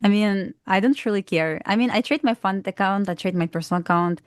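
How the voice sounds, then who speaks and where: A woman's voice: mid-range voice, brisk, smooth, dry recording, studio quality. A woman co-hosting a live stream, giving blunt, matter-of-fact opinions in casual chat. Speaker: co-host.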